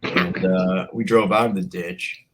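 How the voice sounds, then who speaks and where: A man's voice: low voice, fairly even intonation, a little slow, noisy background. A man in casual chat, telling an anecdote with heavy swearing and laughter. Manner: profane, laughing anecdote teller.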